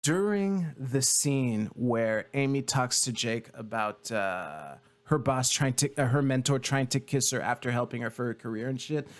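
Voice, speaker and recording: A man's voice: mid-range voice, lively intonation, moderate pace, hardly any pauses. A young man from Quebec giving casual TV commentary, rambling loosely with many fillers and offhand swearing. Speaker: video creator.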